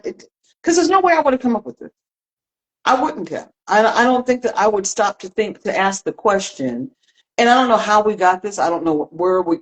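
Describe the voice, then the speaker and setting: A woman co-hosting a casual live-stream chat, leading the talk with playful, dry humor. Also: medium pitch. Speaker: co-host.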